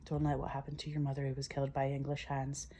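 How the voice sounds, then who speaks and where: A woman voicing the ghost of a grieving mother who quietly and earnestly pleads with her son. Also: very deep voice, monotone, fast, slight background noise. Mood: solemn pleading.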